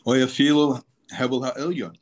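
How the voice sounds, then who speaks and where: A man's voice: mid-range voice, level tone, normal speed. A man teaching a daily text lesson, explaining patiently, restating his terms, and using for the terms he quotes. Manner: explanatory, repeats and restates terms, mixes Hebrew terms into English. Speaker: Torah teacher.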